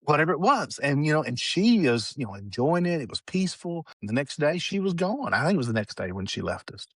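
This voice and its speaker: A man's voice: on the high side, very animated, quick pace, a bit bright, breathy edge, dry recording. A middle-aged man who is a guest on a podcast, telling a family story in a folksy, rambling way with plenty of "you know" asides. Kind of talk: anecdotal storytelling in conversation.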